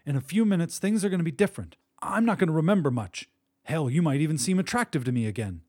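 A bitter drugged man goading his partner, his voice pushed up high and loud, as a male narrator puts him on. He sounds mocking and careless in this dark story reading. The voice sits well above the reader's usual pitch. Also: big pitch swings, a little slow, no echo, clean studio sound.

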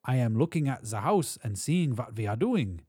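A man voicing a high-pitched, overly polite foreign exterminator who speaks broken English. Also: wildly swooping pitch, moderate pace, mellow, breathy edge, no room sound, studio quality, exaggerated voice. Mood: fussy polite. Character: fussy high-voiced male foreign exterminator.

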